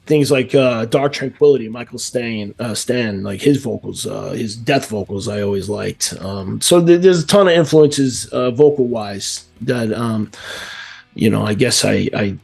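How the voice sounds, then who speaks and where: A man with a thick New York accent talks loosely about his music, circling his points with lots of ums and restarts. His voice has a gravelly, fry-laden edge, and faint music sits behind him. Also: mid-range voice, a little slow, darkish tone. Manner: rambling, many fillers and restarts. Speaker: metal band vocalist. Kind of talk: casual interview chat.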